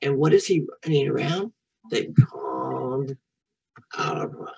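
A woman's voice: very deep voice, gravelly, darkish tone, husky, recorded from a distance, low-quality recording. Woman reading a storybook to a child, encouraging, repeats words, picked up from across the room. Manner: slow, patient and encouraging, repeats each word for the child. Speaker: children's storyteller and French teacher. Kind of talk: reading a picture book aloud to a child, teaching French words.

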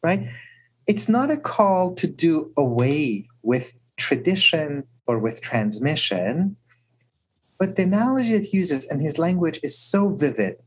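A man with a husky voice, a guest speaker telling stories and often asking "right?". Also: a little high, a little slow, low-quality recording. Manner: animated storyteller who often asks "right?". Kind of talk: storytelling talk.

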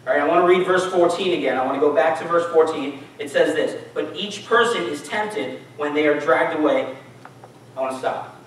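Male preacher, chatty sermon, slightly higher voice, heard from far off in a church. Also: a little fast, fairly bright tone, slight background noise. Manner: casual, conversational preaching with audience questions. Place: church hall. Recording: echoey church hall, mic from far off.

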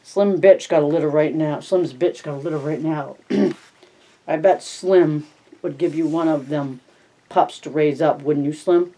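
A man reading a blunt, coarse ranch hand with a dark, mellow tone. The figure keeps pressing his point in a plain, gruff delivery, as in a read-aloud novel. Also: on the high side, a little slow, rough recording. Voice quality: coarse, insistent.

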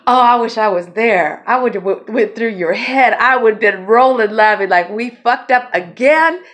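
A woman's voice: medium pitch, a little slow, pauses often, a bit bright. A woman vlogger talking to camera in a loose, rambling way, laughing often and swearing freely. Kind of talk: casual rambling monologue to camera.

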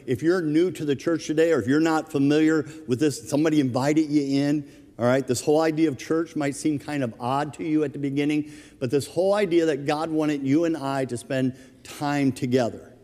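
A man preaching a sermon as minister of his church, telling a funny everyday story in a relaxed, conversational way. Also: a little high, a little fast, long reverb tail. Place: church sanctuary.

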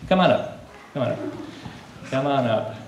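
A man's voice: mid-range voice, expressive, normal speed, gravelly. Guy running a kids' class, coachy and coaxing, recorded from across a roomy space w faint hum. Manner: coaxing, call-and-response, coach-like. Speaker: children's teacher. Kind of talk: lively lesson to a room of kids. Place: room full of children. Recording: echoey room, distant mic, faint hum.

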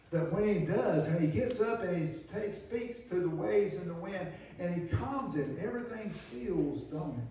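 Pastor, earnest pleading sermon delivery, mellow voice, heard from afar in a very roomy church. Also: male voice, a little high, animated, moderate pace, hardly any pauses, a little hiss or hum. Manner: earnest preaching with rising, pleading outcries. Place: church sanctuary. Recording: distant, very echoey church recording.

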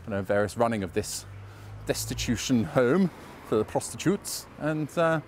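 A man's voice: medium pitch, animated, moderate pace, a little hiss or hum. A man with an English accent guiding a casual walking tour, rambling and chatty with a self-mocking streak, recorded outdoors on a city street. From England.

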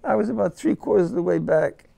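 Old man with a deep gravelly rasp. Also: lively intonation, warm tone. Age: older. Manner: halting, repeats words, emotional. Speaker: war veteran interviewee. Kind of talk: first-person war recollection.

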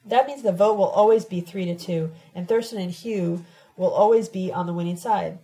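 A woman narrating a novel told in letters, reading in a steady, measured first-person voice. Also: lowish voice, rough recording. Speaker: audiobook reader.

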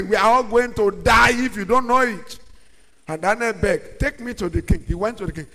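A middle-aged man preaching a sermon, using call-and-response and swinging from quiet talk to shouts. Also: sits high, normal speed. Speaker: pastor. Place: large church hall. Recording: long church-hall reverb.

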